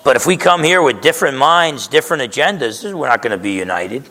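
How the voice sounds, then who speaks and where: A man in his sixties from New Jersey, USA, preaches as a pastor in a conversational, emphatic way, repeatedly asking "okay?" His medium-pitched voice is animated, a little fast and sharp in tone, recorded in a reverberant hall.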